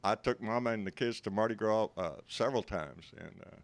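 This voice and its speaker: A man with a Texan accent hosts a live stream in a folksy, chatty way. His voice sits a little low. He greets viewers by name and calls them buddy. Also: a little fast. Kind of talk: casual chat.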